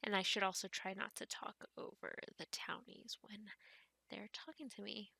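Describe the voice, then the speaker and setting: A woman narrates her game casually, rambling and thinking aloud as she plays. Her voice is bright and forward, with a strong gravelly fry. The recording is close and dry, with no room sound. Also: medium pitch, steady tone, normal speed, dry recording, whispered. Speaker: gaming channel host. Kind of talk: casual let's-play commentary.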